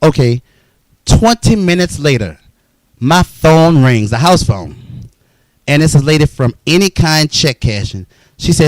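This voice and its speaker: A man's voice: medium pitch, lively intonation, moderate pace, no echo, poor audio. Man ranting his life story, cussing a lot, swings up and down a ton, dry sound. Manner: profane, blunt, heated. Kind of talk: unscripted storytelling monologue.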